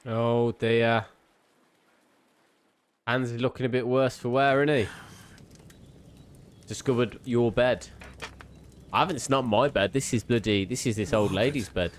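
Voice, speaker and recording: A man's voice: mid-range voice, steady tone, unhurried, long pauses, a little hiss or hum. A man streaming a video game, chatting casually and joking about what happens on screen. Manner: chatty, jokey, sings along and mimics accents. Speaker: gaming streamer. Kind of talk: casual let's-play commentary.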